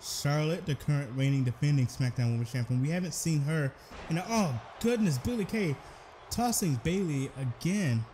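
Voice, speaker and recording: A young man narrates a wrestling video game match in play-by-play fashion, his fairly high voice jumping into shouts at big moves. A faint hiss of background noise sits under the recording. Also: moderate pace. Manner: excitable, bursts into shouted exclamations.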